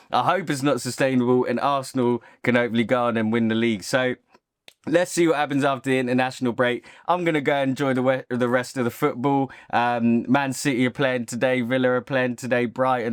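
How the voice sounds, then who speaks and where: A man's voice: medium pitch, fairly even intonation, a little fast, dry recording, studio quality. A man hosting his own football channel, giving an opinionated, casual reaction monologue. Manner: opinionated, talks straight to camera.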